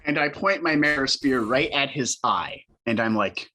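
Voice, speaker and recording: Bright-voiced man playing a tabletop game. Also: mid-range voice, animated, normal speed. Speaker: player. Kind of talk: casual tabletop play.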